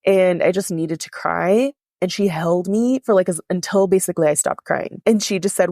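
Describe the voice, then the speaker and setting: A woman's voice: lowish voice, normal speed, few pauses, a little mellow, no echo, studio quality. A woman podcast host telling a personal story in a candid, confessional way, with lots of "like" in her speech. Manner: candid, confessional, heavy use of "like".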